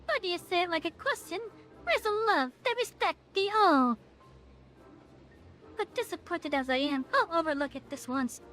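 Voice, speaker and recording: A woman's voice: very high-pitched, lively intonation, normal speed, a bit bright, soft background music. A woman voicing a vain, teasing fairy king, reading game dialogue aloud in a dramatic, sing-song way. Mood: theatrical.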